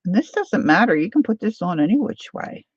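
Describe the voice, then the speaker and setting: A woman's voice: mid-range voice, big pitch swings, a little fast, slightly rough, no room sound. A woman hosting a live crafting stream, rambling and poking fun at herself while she greets viewers by name. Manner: rambling, self-deprecating, chats with viewers by name. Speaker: craft livestream host. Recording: dull lo-fi sound.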